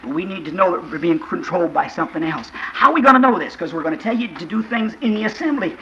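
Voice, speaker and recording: A man fervently preaches a sermon to a congregation in a high, animated voice at a quick pace, slipping into quiet asides and then crying out in shouts. He throws questions to his listeners, and the recording is lo-fi with slight background noise.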